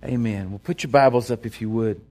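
A man's voice: mid-range voice, a little fast, darkish tone. A man, a pastor preaching a sermon in a conversational way, retelling scripture and often restarting his sentences. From Texas.

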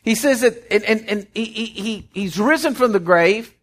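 A man's voice: high-pitched, normal speed. A man preaching a folksy sermon, often repeating words as he goes. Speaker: pastor.

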